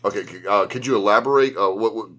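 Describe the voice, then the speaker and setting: A man's voice: lowish voice, fast, sharp tone. Rambling man hosting a podcast. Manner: rambling, laughing, restarts often. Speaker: podcast host. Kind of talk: casual chat.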